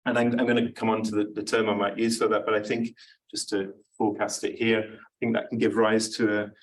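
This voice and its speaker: A man with a lowish voice gives a lecture in a relaxed, informal way. He fills his sentences with ums and false starts. He sounds slightly distant from the microphone. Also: brisk, a little hiss or hum. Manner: informal, self-deprecating, with many fillers and restarts. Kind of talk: academic talk to an audience.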